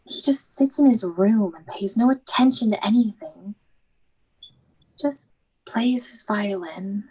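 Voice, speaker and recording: A woman's voice: mid-range voice, measured pace, dark tone, husky. A young woman acting a despairing young woman of nearly twenty-four, worn out by her dull job, pleading through tears in a stage drama. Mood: bitter. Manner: anguished, tearful pleading.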